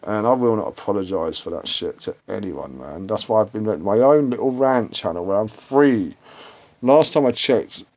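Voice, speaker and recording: A man rants to his channel followers. His voice sits on the low side. He swears freely and wanders from thought to thought in a blunt, unfiltered way. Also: lively intonation, normal speed, a little mellow. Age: 40s. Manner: profane, meandering, blunt. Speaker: channel host. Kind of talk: casual rambling rant.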